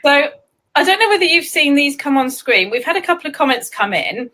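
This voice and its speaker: An Englishwoman with a high, sharp voice hosts a casual chat on a livestream from home. She talks fairly quickly and very animatedly, giggling often as her conversation wanders from point to point.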